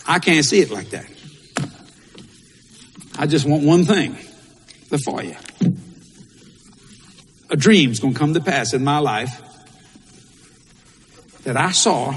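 The recording has long hall reverb as a male pastor preaches. His voice is husky and a little high, and his sermon is folksy and repetitive, laced with Southern sayings.

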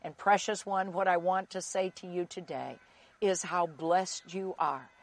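A woman teaching from the Bible in an earnest sermon, slowing to repeat key phrases for emphasis. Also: on the low side, steady tone.

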